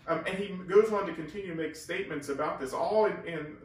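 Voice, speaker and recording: A man's voice: fairly high pitch, quick pace. Man teaching scripture in an echoey room. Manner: earnest, explanatory, leans hard on key words. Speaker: Bible teacher. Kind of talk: casual Bible teaching. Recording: very echoey room, far from the mic.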